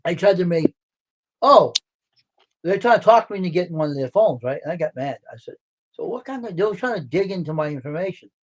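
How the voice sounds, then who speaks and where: A man telling stories on a casual livestream, blunt and gruff, swearing freely. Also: on the high side, lively intonation, brisk. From Brockton, Massachusetts. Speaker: livestream host.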